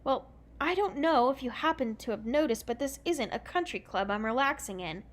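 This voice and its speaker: A woman reading aloud and voicing a cocky young man, with a loose attempt at an English accent and a loud, teasing manner. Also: sits high, animated, moderate pace.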